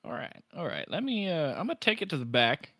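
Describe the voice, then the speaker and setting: A man's voice: a little high, sing-song, fast talker, pushed and bright, dry recording, studio quality, voice pushed up, full character voice. A man voicing a chatty male weapons shopkeeper in a tabletop game, bargaining and bantering with customers.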